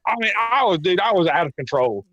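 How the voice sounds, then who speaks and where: A man's voice: high-pitched, lively intonation, a little fast, a bit bright, muffled recording. A man guesting on a podcast, telling rambling stories with a lot of profanity in casual chat.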